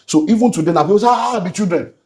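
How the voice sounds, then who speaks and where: A man's voice: sits high, rapid-fire, dark tone. Nigerian man, middle-aged, pastor guest, earnest testimony with Pidgin asides. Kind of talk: emotional personal testimony.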